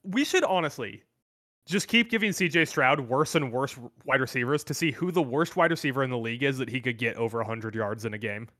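A man's voice: mid-range voice, a little fast, bright, forceful tone, dry recording, clean studio sound. A man co-hosting a sports podcast, bantering and teasing his co-host in casual chat.

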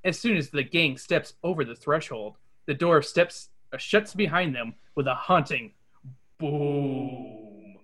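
A podcast host reading a storybook aloud between jokes with friends. The voice swings around with lively pitch. The delivery stays casual and playful. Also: slow pace. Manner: lively, laughing narration. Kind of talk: casual book reading with chat.

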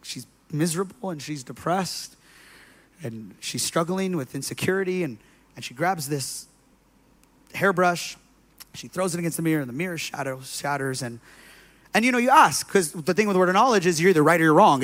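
A male pastor delivers a sermon in a slightly higher-than-usual voice. He tells stories conversationally, with plenty of fillers and loose asides. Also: fairly bright tone. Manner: conversational preaching, storytelling with many fillers.

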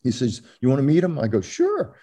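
This older man from Florida, a former ballplayer, talks fast in an animated, mid-range voice with a dark tone. His interview stories ramble, full of fillers and false starts.

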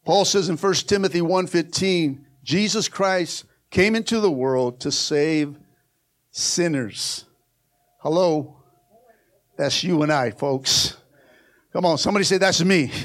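Man, high voice, pastor, fervent call-and-response sermon, church. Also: slow. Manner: fervent, urging the congregation with repeated calls. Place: church sanctuary.

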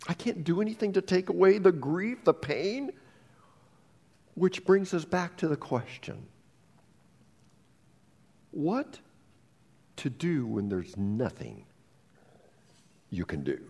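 In a church sanctuary, a pastor with a somewhat high, slightly mellow voice delivers a sermon through earnest storytelling, frequently restarting sentences. The recording carries a church hall's long reverb.

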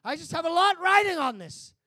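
A man performing a comedy audition sketch, frantic, shouty and over-apologetic. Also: very high voice, big pitch swings, brisk, dry recording, studio quality.

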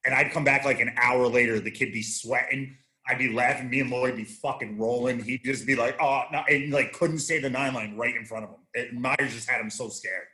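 A man's voice: medium pitch, fairly even intonation, fairly quick, pushed and bright. A man in his thirties, a guest on a casual chat show, telling rambling, profane stories with many restarts. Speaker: podcast guest, army veteran.

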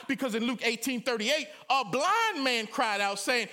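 Animated preacher, high bright voice. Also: male voice, normal speed. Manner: animated, colloquial preaching with loud cries and acted quotes. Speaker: pastor. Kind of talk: sermon.

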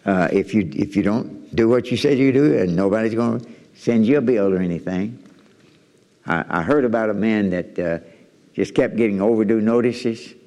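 A man preaching a sermon, animated, repeating phrases and restarting words as he goes. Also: lowish voice, moderate pace. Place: church. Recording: echoey hall reverb.

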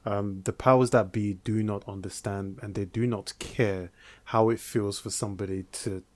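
A man's voice: lowish voice, steady tone, moderate pace, a little mellow, no echo. Teasing man co-hosting a podcast. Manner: teasing, playful banter. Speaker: podcast co-host. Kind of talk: casual chat.

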